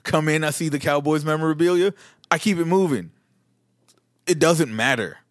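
A man's voice: a little high, moderate pace, no echo, clean studio sound. A man co-hosting a podcast in casual, joking banter, laid-back and profane. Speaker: podcast co-host.

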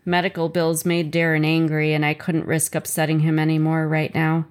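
A woman's voice: sits low, completely flat delivery. Earnest woman reading her own memoir. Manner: measured, earnest first-person reading.

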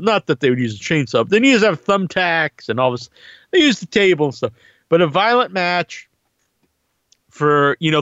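Brief: profane man ranting casually, animated and high-pitched, dead dry sound. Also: dry recording, lo-fi sound. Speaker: wrestling commentator. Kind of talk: casual monologue.

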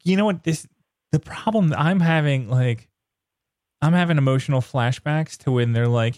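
A man's voice: fairly high pitch, normal speed, dry recording, clean studio sound. Exasperated man ranting about comics. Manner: excitable, rants with exasperation. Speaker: podcast host. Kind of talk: casual comic book chat.

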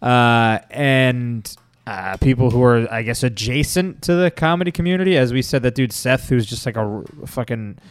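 A blunt, opinionated podcast co-host chats casually and swears freely. His mid-range voice is smooth, moving at a moderate pace with few pauses.

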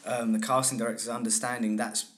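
A man's voice: medium pitch, fast. A man speaking in an easygoing interview, his voice sitting in a middle register. He tells his stories with animation, slipping into the voices of the people he quotes. He circles back on his own phrases as he builds each point. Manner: animated storyteller who acts out quoted people. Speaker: accent and dialect coach, guest. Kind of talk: conversational interview.

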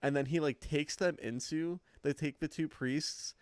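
A young man co-hosting a podcast, excitedly describing scenes in casual talk, swearing often and restarting sentences. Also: a little high, a little slow. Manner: excited, swears freely, lots of "like" and false starts. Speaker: podcast co-host. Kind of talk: casual movie chat.

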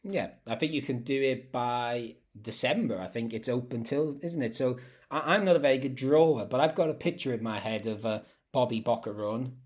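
A man's voice: medium pitch, normal speed. Chatty male podcast host. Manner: chatty, jokey, with fillers. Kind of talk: casual podcast chat.

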